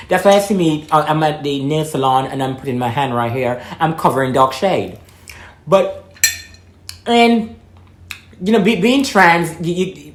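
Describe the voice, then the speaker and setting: A young trans woman from Jamaica, vlogging in a blunt, outspoken casual monologue, swearing freely and talking while eating. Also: sits low. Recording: echoey room.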